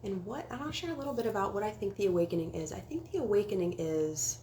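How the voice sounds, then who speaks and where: A woman's voice: mid-range voice, expressive, fast, dark tone, slight background noise. A young woman, a spiritual life coach, talking casually on a livestream, earnest and sometimes dropping to a whisper. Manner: earnest, drops to whispers for emphasis. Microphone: phone.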